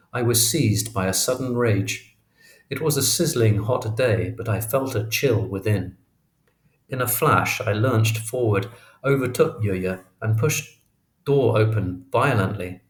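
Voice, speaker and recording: A man narrating a memoir audiobook in a measured, expressive storytelling manner. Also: on the low side. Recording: roomy echo.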